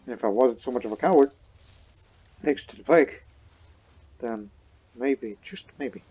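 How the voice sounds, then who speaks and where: Male let's-player, casual and jokey, voices his game characters, mellow tone, faint music under. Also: medium pitch, a little slow. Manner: role-plays the game's characters in a joking tone. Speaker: gaming YouTuber. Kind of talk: casual let's play commentary.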